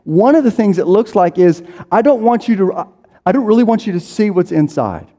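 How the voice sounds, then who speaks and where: A man's voice: high voice, lively intonation, brisk, mellow. A man preaching a sermon in a conversational way, acting out people's inner voices as he goes. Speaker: pastor. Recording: reverberant hall.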